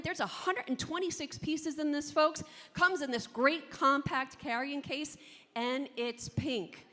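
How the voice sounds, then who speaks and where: A woman from New Jersey competing as an auctioneer, rattling off rapid rhythmic bid calls and pitching items to the room. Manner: rapid rhythmic bid calling, rising loud. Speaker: auctioneer contestant. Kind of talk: auction chant and sales pitch. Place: large convention hall. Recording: long hall reverb.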